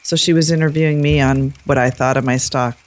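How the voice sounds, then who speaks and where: A woman talking casually as a guest co-host on a podcast about her car, in an unhurried, chatty way. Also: rumbling low, steady tone.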